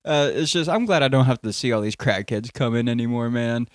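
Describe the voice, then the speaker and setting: A man's voice: mid-range voice, brisk, no echo, studio quality. A young man hosting a casual podcast, rambling and joking, often cutting himself off mid-sentence. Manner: rambling, jokey, self-interrupting. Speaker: podcast host.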